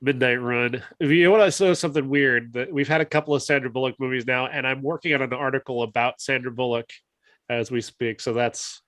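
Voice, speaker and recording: A man co-hosting a movie podcast with quick, wry remarks. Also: medium pitch, steady tone, a bit bright, dry recording. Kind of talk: casual podcast chat.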